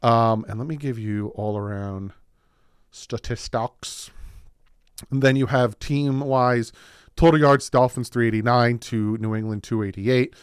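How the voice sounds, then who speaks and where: A man hosting a casual football recap video, excited and winded, rattling off game stats. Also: medium pitch, unhurried, smooth, dry recording, clean studio sound. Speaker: sports video host.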